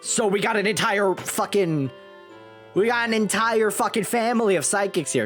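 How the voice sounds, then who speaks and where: A man streaming a game playthrough, chatting casually with excitable, rambling asides and frequent swearing. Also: high voice, moderate pace, faint music behind. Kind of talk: casual let's-play commentary.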